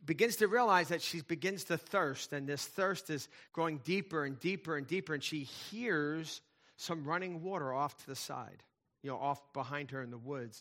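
A male pastor preaches, retelling a story for his listeners in an earnest, emphatic way. His voice sits a little high and rings bright and forceful. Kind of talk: sermon with storytelling.

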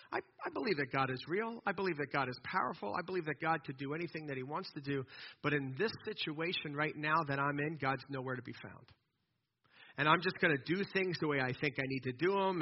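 A man with a husky, somewhat high voice delivers a conversational sermon, stumbling and restarting as he builds his point. The recording is dull and lo-fi. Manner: animated, conversational preaching with repeated false starts. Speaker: pastor.

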